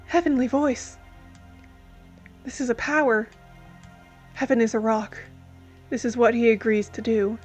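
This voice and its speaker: A woman's voice: fairly high pitch, measured pace, pauses often, soft background music. A woman hosting a let's play, reading garbled game text aloud and joking about it. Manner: playful, joking, reads garbled lines deadpan.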